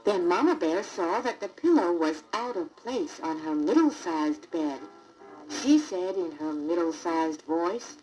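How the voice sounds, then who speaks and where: Slow, lively woman storybook narrator. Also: fairly low pitch, faint music behind, poor audio. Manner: deliberate, expressive read-aloud. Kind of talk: scripted storybook narration on a 1981 record.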